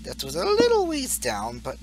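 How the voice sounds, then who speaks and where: A man's voice: very high voice, huge pitch swings, moderate pace, gravelly, noisy background. A young man giving rambling, goofy Let's Play commentary as a gaming YouTuber, laughing at his own jokes.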